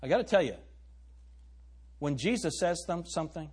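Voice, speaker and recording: A man's voice: on the high side, expressive, moderate pace, darkish tone, husky. A middle-aged man preaching a sermon as pastor, emphatic and often asking the congregation questions.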